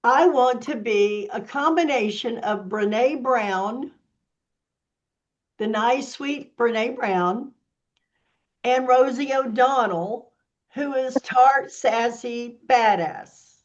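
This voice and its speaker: A woman giving a casual teaching talk as a workshop presenter, with an animated, sassy manner, explaining step by step. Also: fairly high pitch, takes it slowly, muffled recording.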